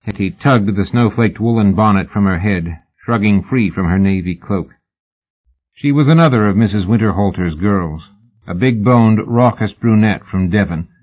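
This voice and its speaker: A man reading a novel aloud in a measured, even audiobook narration. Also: on the low side. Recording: phone-like narrow band.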